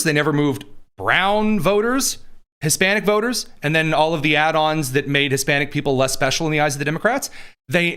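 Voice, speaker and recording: A young man hosting a live political commentary stream, talking fast and combatively and slipping into mocking squeaky voices. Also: a bit bright. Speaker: political livestream host.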